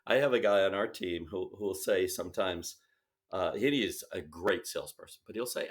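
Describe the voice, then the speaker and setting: A man speaking as an interview guest, emphatic and animated, often switching into quoted voices to make his point. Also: sits low, normal speed. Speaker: sales expert guest. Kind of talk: conversational interview.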